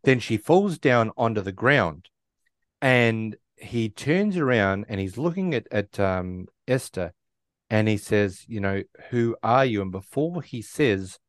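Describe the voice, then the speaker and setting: A man's voice: on the low side, expressive, a little slow, no room sound, clean studio sound. A man co-hosting a casual film chat, retelling the plot with lots of restarts. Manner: rambling storyteller, many restarts and quoted lines. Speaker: podcast co-host. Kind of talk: casual movie recap chat.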